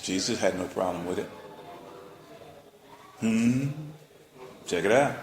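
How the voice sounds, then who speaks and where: A man's voice: fairly low pitch, slow, long pauses. A male pastor preaching a sermon in a colloquial, playful way, often checking in with his listeners. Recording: roomy echo.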